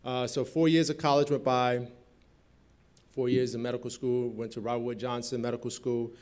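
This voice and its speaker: A man's voice: medium pitch, normal speed. A middle-aged man from Newark giving a storytelling talk at a convention, acting out the voices in his story. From Newark, New Jersey. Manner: animated storyteller acting out quoted dialogue. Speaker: guest speaker. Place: convention hall.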